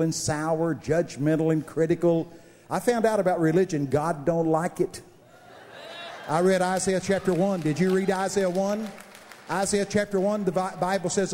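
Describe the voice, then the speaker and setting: Animated, joking preacher man in a reverberant hall. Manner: animated, joking, swings between high shouts and low asides. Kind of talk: humorous sermon.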